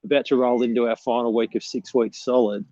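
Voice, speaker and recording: A man's voice: medium pitch, fairly even intonation, a little fast, mellow, dry recording, highs cut off. A man co-hosting a motivational morning session, speaking in an encouraging way. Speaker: co-host of a morning mindset session. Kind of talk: casual chat, motivational.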